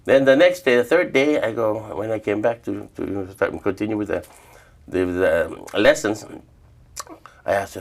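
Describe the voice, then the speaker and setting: A middle-aged man from the Northern Mariana Islands telling stories in an interview, relaxed, acting out the voices he quotes. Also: on the low side, normal speed, gravelly. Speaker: humanities awardee, traditional healer. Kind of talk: interview storytelling.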